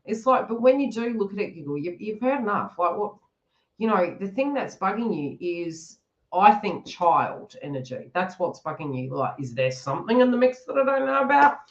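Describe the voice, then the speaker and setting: A woman reads tarot on a live stream with a very animated, swooping voice. She chats and giggles, slipping into quoted inner thoughts of the people she reads for. The audio is a bit dull and lo-fi. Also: mid-range voice, moderate pace. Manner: chatty, giggly, acts out the listener's inner thoughts. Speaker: tarot reader. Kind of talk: live-stream psychic reading.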